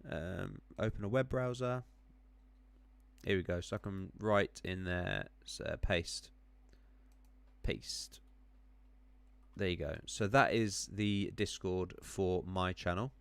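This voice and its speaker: Gravelly man rambling through a live stream. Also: deep voice, slow, long pauses, a bit bright, dry recording. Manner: rambling, many ums and self-corrections while clicking around. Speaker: crypto chart streamer. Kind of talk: live-stream chart analysis and chat.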